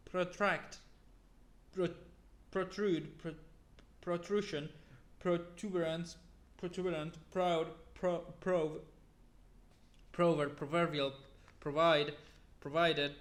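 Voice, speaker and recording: A man slowly reading a long list of words aloud one by one, with now and then an exasperated aside. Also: fairly high pitch, reverberant. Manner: slow, flat word-by-word reading with exasperated asides. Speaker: youtuber.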